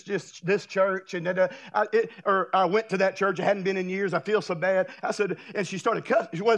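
A man from Florida, a guest pastor, preaching a fiery revival sermon in a church, shouting and folksy. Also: high-pitched, creaky. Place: church sanctuary.

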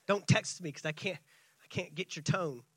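A man preaching a sermon. He acts out the scripture dialogue and swings between excited, quick bursts and hushed, drawn-out lines. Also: sits high, breathy edge, no echo. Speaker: pastor.

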